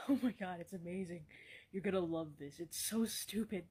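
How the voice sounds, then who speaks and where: A woman performing a comedy sketch, voicing several characters in sarcastic, deadpan banter with casual swearing. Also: on the low side, normal speed, husky.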